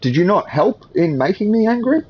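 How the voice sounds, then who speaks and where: Man, 40s, gamer on voice chat; hot-headed ranter, profane, slightly higher voice, faint noise behind. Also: big pitch swings, fairly quick. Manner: heated, ranting, heavy swearing. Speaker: gamer chatting with party. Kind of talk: casual voice chat while gaming.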